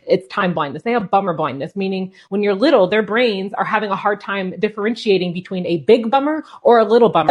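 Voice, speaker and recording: A woman, a parenting creator, talking earnestly and persuasively in a casual, conversational way straight to her viewers. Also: mid-range voice. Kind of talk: casual explanatory talk to camera.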